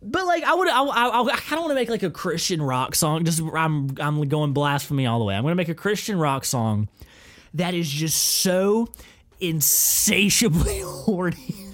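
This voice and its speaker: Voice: mid-range voice, big pitch swings, moderate pace, fairly bright tone. A podcast host in casual chat, rambling, swearing freely and laughing often.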